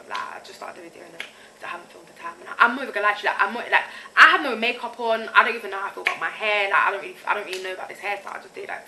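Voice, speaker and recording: In a rough recording with slight background noise, a vlogger talks to her own camera, picked up by its built-in mic. She's a young woman with a sharp, medium-pitched voice, speaking candidly in slang for a confessional vlog and frequently asking "you get me."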